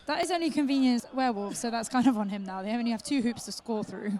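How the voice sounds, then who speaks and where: A woman's voice: fairly high pitch, quick pace, darkish tone. A woman co-commentating a live match outdoors with giggly, playful banter.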